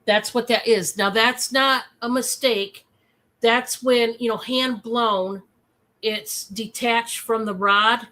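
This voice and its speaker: A woman hosting a casual live-stream sale, chatty and excitable, with many fillers. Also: on the high side, takes it slowly.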